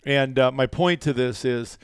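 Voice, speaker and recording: A co-host of a casual hunting podcast tells stories with animation, acting out what people said. His mid-range voice is clear and resonant and a little slow, recorded at studio quality with no room sound.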